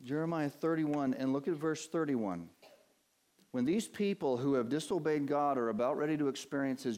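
A man preaching a sermon as pastor. He poses questions to his listeners and answers them, drawing out key words and climbing higher and stronger when he drives a point home. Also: darkish tone. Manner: earnest preaching, rising in pitch and force for emphasis, slows on key words.

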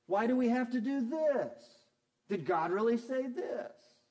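A petty, nagging complainer, mimicked by a man, whines question after question. The voice is pitched well above his own and pushed loud, as if from a little away from the mic. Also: expressive, a little slow. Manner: mocking whiny questioning.

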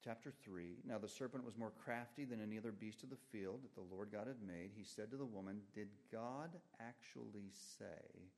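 A man preaching a sermon, reading aloud from scripture and explaining it with strong swings in pitch and loudness. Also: normal speed, hardly any pauses. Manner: emphatic, rises and falls sharply in pitch and volume.

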